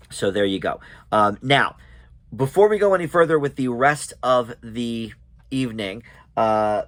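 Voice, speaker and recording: A man's voice: lowish voice, fairly bright tone, no room sound. A man chatting casually as he recaps and reviews a TV episode, with many ums and restarts.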